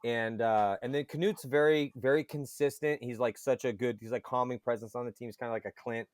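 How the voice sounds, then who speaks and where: Animated man in casual podcast chat. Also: mid-range voice, brisk, dry recording, studio quality. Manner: animated storyteller, swears casually. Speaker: paintball commentator guest.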